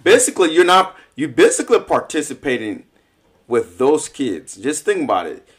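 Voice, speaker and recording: A man's voice: on the high side, very animated, moderate pace. A man who coaches youth sports, chatting on a podcast in a laid-back way, trailing off and dropping his voice. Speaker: youth soccer and basketball coach. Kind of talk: casual podcast chat.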